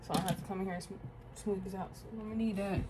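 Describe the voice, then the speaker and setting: Rapid-fire and steady in a medium pitch, a twenty-something woman chats with viewers as she does her hair in a get-ready-with-me beauty vlog. She mutters to herself along the way and calls her audience "y'all" and "girl," with a noisy background behind her.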